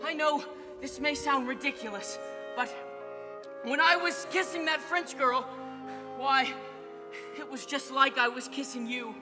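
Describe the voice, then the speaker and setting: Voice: high-pitched, unhurried, long pauses. A student playing an earnest, lovestruck young groom in a school stage musical, pleading and bumbling. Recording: auditorium reverb with music.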